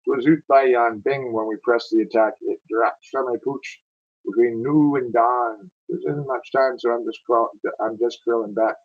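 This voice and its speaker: A man voicing a plucky wounded young Scottish soldier piper, in a put-on Scottish accent, with a slow, earnest, halting delivery. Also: medium pitch, steady tone, highs cut off, voice pushed up, close to an everyday voice.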